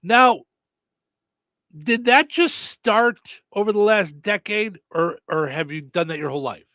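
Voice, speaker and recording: A man's voice: high-pitched, lively intonation, measured pace, fairly bright tone, no room sound. A middle-aged man co-hosting a show, chatting casually and telling family stories. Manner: chatty storyteller, many hm-hmms. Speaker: co-host. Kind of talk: casual chat.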